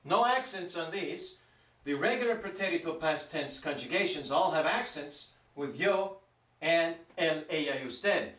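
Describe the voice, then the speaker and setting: A man teaching a Spanish grammar lesson, repeating each form and stressing it slowly. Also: fairly high pitch, animated, fairly bright tone. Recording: echoey room, mic at a distance.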